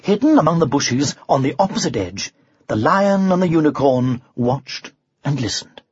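A narrator reading a storybook aloud in an expressive way with varied pacing. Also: medium pitch, normal speed, husky, no echo. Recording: dull lo-fi recording.

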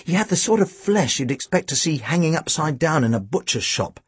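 A man narrating a storybook with a dry, wry, expressive delivery. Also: on the high side, fairly quick, husky, no echo. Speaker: audiobook reader.

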